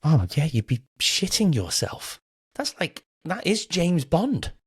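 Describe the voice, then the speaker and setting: A man's voice: fairly high pitch, big pitch swings, slow, breathy edge. A male podcast host, reacting bluntly in casual interview chat.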